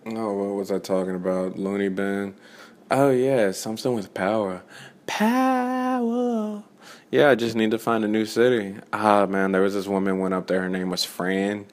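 Man, 20s, slightly low voice, profane rambling stand-up comic venting. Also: level tone, fairly quick, few pauses. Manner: profane, rambling, restarts mid-sentence. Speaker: open-mic comedian. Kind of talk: casual rant.

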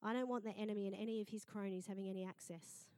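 A middle-aged woman pastor, preaching a sermon in a lively storytelling manner. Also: medium pitch, racing, dry recording. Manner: lively storytelling, acting out quoted voices.

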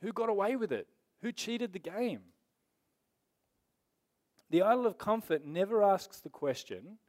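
A man's voice: high voice, animated, unhurried, long pauses, a little mellow. A man, preaching a sermon in an emphatic, conversational way. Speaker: pastor.

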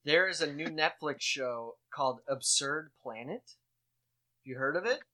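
A man, co-hosting a podcast in casual chat, telling jokey stories with lively swooping emphasis. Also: on the high side, a little slow. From Midwestern United States. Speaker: podcast co-host.

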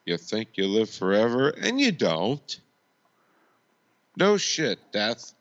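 Brief: low, gravelly male co-host, lively inflection, rambling, dull lo-fi audio. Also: takes it slowly. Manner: rambling, self-correcting, apologetic. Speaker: podcast co-host. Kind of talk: casual chat.

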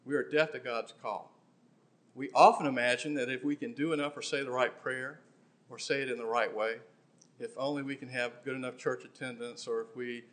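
A man preaching a sermon in church, impassioned, swinging between emphatic bursts and quiet, intimate asides. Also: mid-range voice.

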